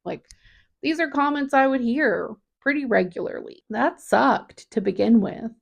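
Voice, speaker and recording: Brief: woman, 30s, vlogger with a heavy vocal fry, candid and halting, unhurried delivery. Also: on the high side, lively intonation. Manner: halting, reflective, with frequent restarts. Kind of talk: candid personal vlog.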